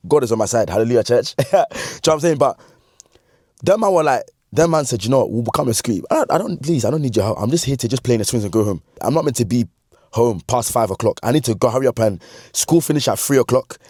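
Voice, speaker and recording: A man in his twenties with a London accent, telling a funny story from his youth in slangy, animated talk that he breaks up with laughs. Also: medium pitch, fast talker, no echo, clean studio sound. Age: 20s. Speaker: vlogger. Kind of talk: comedic storytime.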